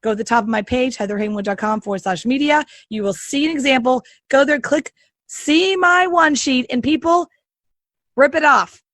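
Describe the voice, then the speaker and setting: A woman's voice: high voice, normal speed, a bit bright, no echo. A middle-aged woman podcast host coaching listeners in a sassy, emphatic monologue, repeating phrases for punch.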